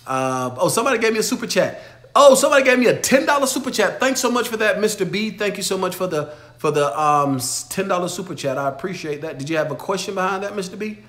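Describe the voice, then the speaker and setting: A man hosting a motivational livestream Q&A, talking emphatically, swinging from loud exhortation to low storytelling. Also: animated, fast talker, roomy sound. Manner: emphatic, preachy, shifts from shouting to low storytelling. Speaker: livestream host answering viewer questions.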